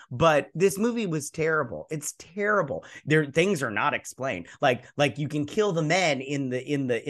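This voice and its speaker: A man hosts a casual movie review in a blunt, exasperated ramble full of fillers and restarts. His voice is bright and forward. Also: medium pitch. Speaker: host.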